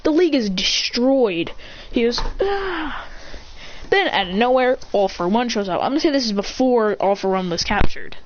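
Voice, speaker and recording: A higher-pitched woman rambles breathlessly through an imagined anime fight, shouting her own sound effects. The recording is dull and lo-fi, with a faint hiss underneath. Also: lively intonation, a little fast. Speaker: storyteller.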